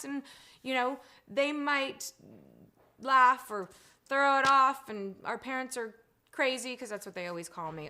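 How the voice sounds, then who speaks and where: Woman in her forties, bright voice, chatty live stream host, reads viewer comments. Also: on the high side, moderate pace. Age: 40s. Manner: wide swings between animated and hushed. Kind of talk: casual live stream chat.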